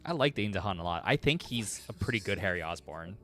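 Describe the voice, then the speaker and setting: Low-voiced male streamer, rambling chat, music behind. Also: quick pace. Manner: rambling, chatty, excitable. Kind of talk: casual chat while drawing.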